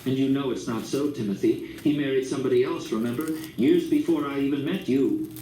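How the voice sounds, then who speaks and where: A man's voice: mid-range voice, brisk, warm tone, close to an everyday voice. A man voicing a sick young mother who pleads tearfully. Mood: pleading. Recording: roomy, distant mic, faint background noise.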